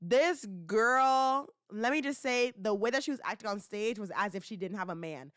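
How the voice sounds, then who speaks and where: A young woman hosting a casual commentary podcast, talking in slangy, animated bursts full of rhetorical questions and teasing. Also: on the high side, normal speed, clear, resonant tone, dry recording, clean studio sound. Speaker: podcast host.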